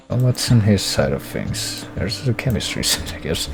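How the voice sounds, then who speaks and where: A man's voice: lowish voice, very animated, moderate pace, vocal fry, a little hiss or hum. A man streaming a game, giving wry, rambling commentary with chuckling asides.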